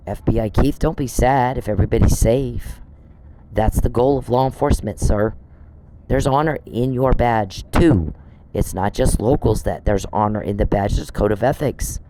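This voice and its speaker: A man's voice: medium pitch, warm tone, a little hiss or hum, poor audio. A man on a podcast, delivering an angry, profane monologue aimed straight at one person he scolds. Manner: indignant, profane, scolding someone directly.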